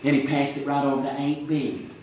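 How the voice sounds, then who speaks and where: A man playing an excitable, boastful small-town deputy with a Southern accent, rambling and fumbling for words in a live stage comedy monologue. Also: medium pitch, brisk, slight background noise, lightly acted. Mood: folksy. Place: stage before an audience. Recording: echoey hall, from far off.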